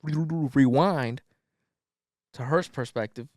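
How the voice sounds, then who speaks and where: Profane, animated storytelling man. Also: medium pitch, slow pace, dry recording, clean studio sound. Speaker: podcast co-host. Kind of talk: casual plot recap.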